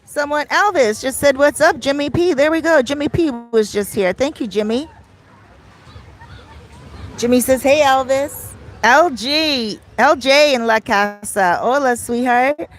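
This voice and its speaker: A middle-aged Canadian woman vlogger, with a high voice and a Canadian accent, chats unhurriedly on a beach livestream, reading viewer comments aloud. She's outdoors on the beach, with faint street noise in the background.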